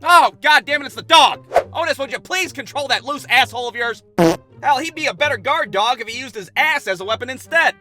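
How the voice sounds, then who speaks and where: Male comic storyteller; high, bright, swears freely, exaggerated delivery. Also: lively intonation, brisk, soft background music. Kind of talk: comedic animated storytelling.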